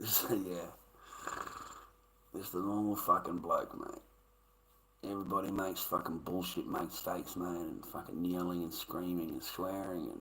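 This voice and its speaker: Middle-aged aussie guy ranting on stream, swears a lot, lowish bright voice. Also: fairly even intonation, measured pace, poor audio. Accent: Australian. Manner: profane, rambling, laughs while telling stories. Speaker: livestreamer. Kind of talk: casual storytelling rant.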